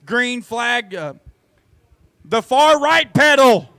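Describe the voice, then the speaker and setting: An excitable man calls a dirt track race, his voice high and smooth. He jokes with the crowd between laps while race cars roar behind him. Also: takes it slowly. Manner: excitable, joking with the crowd, folksy. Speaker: race announcer. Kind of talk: live race commentary over a PA.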